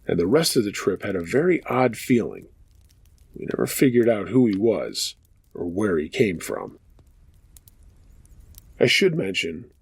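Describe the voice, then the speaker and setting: Man, scary story narrator, gravelly, husky, lively pitch swings, casual and profane, dry close recording. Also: no room sound. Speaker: host reading listener stories. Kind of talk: narrating true scary stories.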